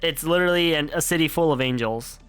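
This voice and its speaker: A man's voice: fairly high pitch, fast talker, fairly bright tone, clear, resonant tone, soft background music. A man streaming a game, chatting casually and rambling with plenty of restarts. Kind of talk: casual game playthrough commentary.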